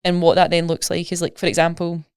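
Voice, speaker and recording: Scottish woman, quick chatty coach, lowish voice, dry close sound. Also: smooth, dry recording. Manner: chatty, rapid, animated explaining with examples. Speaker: nutrition coach, guest. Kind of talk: casual podcast interview.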